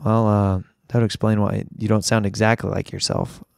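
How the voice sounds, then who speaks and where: A man's voice: on the low side, flat delivery, moderate pace, creaky, a little mellow, clean tone, dry recording, studio quality. A young man with laryngitis hosting a solo comedy podcast, rambling in a jokey, self-deprecating way. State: hoarse with laryngitis. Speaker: podcast host.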